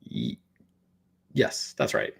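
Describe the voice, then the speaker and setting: A man's voice: drawn-out words, a bit bright. A man co-hosting a sports podcast in casual chat, rambling with lots of "you know" fillers. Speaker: podcast co-host.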